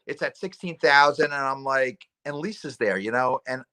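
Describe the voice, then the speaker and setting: A middle-aged man hosting a casual chat, rambling through animated stories and acting out voices. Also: mid-range voice, moderate pace. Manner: rambling, animated storyteller who acts out voices. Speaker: talk show host.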